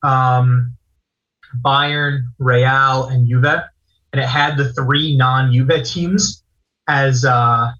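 A man, recorded a little dull and lo-fi, at a middle pitch. He chats on a podcast, telling animated stories with casual swearing. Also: very slow. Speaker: podcast co-host. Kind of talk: casual chat.

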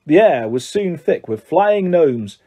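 Male storybook narrator, lively and expressive, mellow husky tone. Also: a little high, takes it slowly. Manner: expressive, animated reading. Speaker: audiobook narrator. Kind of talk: scripted narration.

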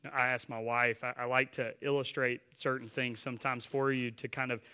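A man's voice: medium pitch, little pitch movement, fairly quick, sharp tone, clear, resonant tone. A male pastor delivering a sermon, moving between earnest preaching and chatty, humorous asides to the congregation.

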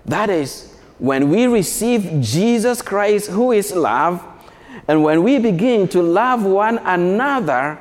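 Male priest, lively rising and falling voice, slow unhurried delivery, long church reverb. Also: high voice. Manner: call-and-response, gentle and animated. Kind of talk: homily to schoolchildren. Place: large church.

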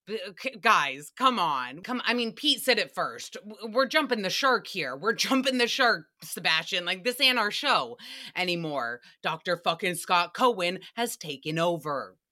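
A woman's voice: on the low side, a little slow. A young woman hosting a podcast, recapping an episode in a profane, sarcastic comic monologue. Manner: profane, sarcastic, animated storytelling. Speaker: podcast host. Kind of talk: casual comedic recap monologue.

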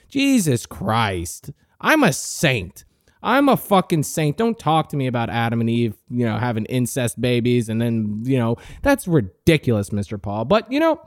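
Young guy, late teens, brash and cocky, swearing rant, pitch leaps all over, dry close sound. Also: darkish tone, no echo. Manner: brash, profane and mock-arrogant. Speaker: podcast host. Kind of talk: comic ranting monologue.

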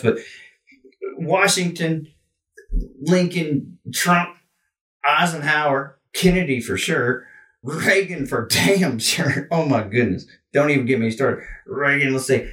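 A man's voice: fairly high pitch, bright, forceful tone, far from the mic. Indignant, profane male political commentator. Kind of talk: ranting political commentary monologue. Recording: echoey room, away from mic.

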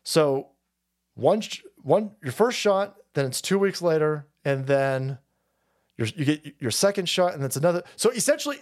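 A foul-mouthed man hosting a livestream, reading viewer chats and rambling through his commentary with frequent restarts. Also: on the high side. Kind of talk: casual profane stream commentary.

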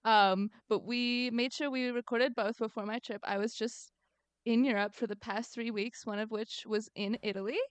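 A young adult woman co-hosting a podcast, chatting in an animated, jokey and self-deprecating way. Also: fairly high pitch, normal speed, clear, resonant tone, no room sound. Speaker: podcast co-host. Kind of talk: casual chat.

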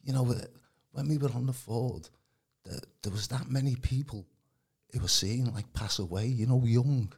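A man's voice: mid-range voice, moderate pace, a little mellow. A man, giving a rambling casual testimony as a podcast guest, full of colloquial fillers. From Birkenhead, England. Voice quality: gravelly, very husky.

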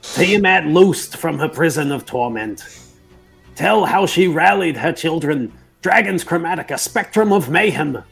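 A man's voice: medium pitch, a little fast, few pauses, breathy edge, soft background music, voice pushed up, lightly acted. A man voicing a prickly, sarcastic male goblin scholar who takes offense easily. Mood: declaiming. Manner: exasperated, sarcastic, huffy.

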